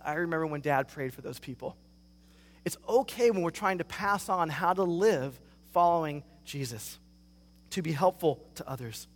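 A man preaching a sermon as pastor, telling stories in an animated way and acting out reactions. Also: fairly high pitch, big-room sound. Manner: animated storytelling, acts out reactions.

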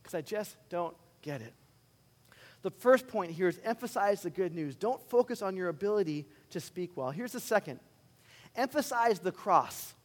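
A male pastor preaching with a light, high-pitched voice. He swings from loud, punchy emphasis down to hushed, earnest asides. His voice carries a long reverb tail from a large church hall. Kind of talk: sermon.

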